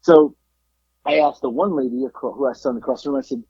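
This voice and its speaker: A man's voice: medium pitch, fast talker, dark tone, slightly rough, dry recording, muffled recording. A man from South Florida co-hosting a podcast, telling a story in casual chat, acting out quotes and swearing freely. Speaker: podcast co-host.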